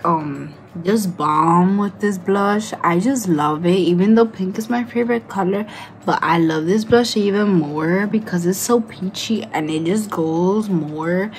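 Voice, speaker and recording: A beauty vlogger with a mid-range, slightly mellow voice chats casually through a makeup tutorial, with slight background noise. She's a tipsy young woman who rambles and swears in a playful way.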